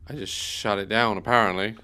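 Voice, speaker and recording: A man's voice: fairly low pitch, steady tone, fairly quick, noisy background. A man giving let's play commentary on a video game, chatty and bemused, thinking aloud as he plays. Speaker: gaming YouTuber.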